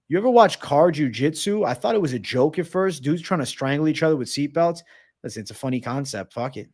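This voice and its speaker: Brief male streamer, relaxed profane chat reading, answers trail off quietly. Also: mid-range voice. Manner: reads chat aloud and answers in a loose, profane, joking way. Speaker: livestream host answering viewer questions. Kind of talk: casual livestream Q&A.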